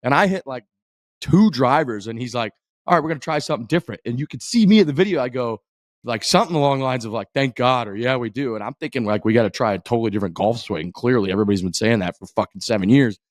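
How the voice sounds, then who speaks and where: A man co-hosting a golf podcast, telling a long story in an animated, profane way and acting out other people's lines. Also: medium pitch, fast talker, no room sound. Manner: animated, profane, quotes others in his stories. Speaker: podcast co-host. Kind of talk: casual storytelling chat.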